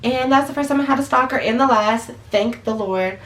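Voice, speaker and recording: A woman's voice: high voice, fairly quick, fairly bright tone, a little hiss or hum. A woman telling a storytime vlog in a blunt, profane and emphatic way. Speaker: vlogger. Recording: roomy echo.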